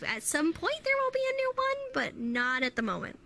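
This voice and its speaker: A woman's voice: sits high, very animated, brisk, vocal fry, background noise. A woman chatting as an interview guest, laughing often, her voice strained from long use. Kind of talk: casual interview chat.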